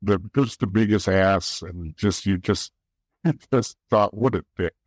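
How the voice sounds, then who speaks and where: A man's voice: deep voice, unhurried, darkish tone, no room sound. A man from the East Coast, a guest in an interview, telling his story candidly in a blunt, profane way that often restarts. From East Coast of the United States.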